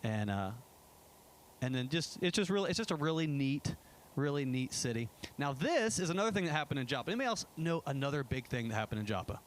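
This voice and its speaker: A man's voice: fairly high pitch, very animated, fast, slight background noise. A man giving a casual church presentation about a trip, chatty and enthusiastic, with many fillers and restarts. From United States. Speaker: pastor. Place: church sanctuary.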